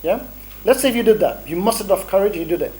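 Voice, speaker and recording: A man's voice: sits high, animated, racing, a little mellow, rough recording. A man giving a chatty, bantering training talk to a group, telling stories and dropping Arabic phrases. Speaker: dawah instructor.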